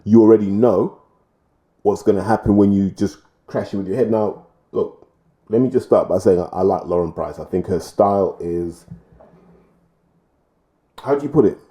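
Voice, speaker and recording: A man talks through his views in a casual commentary vlog, blunt and opinionated, wandering from point to point. His voice sits fairly low and sounds deeply dark and mellow. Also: normal speed, long pauses. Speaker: boxing commentator.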